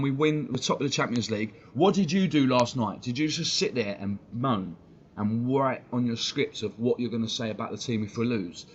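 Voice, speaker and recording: Male stream host, heated sweary rant, mid-pitched, dull lo-fi mic. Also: normal speed. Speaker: fan channel host. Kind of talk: ranting live-stream commentary. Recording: dull lo-fi stream audio with faint noise.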